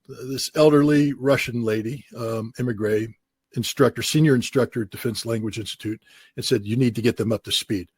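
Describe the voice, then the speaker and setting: A man in his sixties from the United States, telling lively anecdotes as an interview guest, acting out quoted voices. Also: mid-range voice, slightly rough, no echo. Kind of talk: storytelling in an interview.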